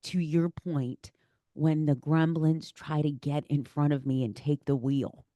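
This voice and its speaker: Deep-voiced, effusive woman podcast host. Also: steady tone, measured pace, warm tone, no room sound. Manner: effusive and emotional, gushing praise. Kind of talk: conversational podcast interview.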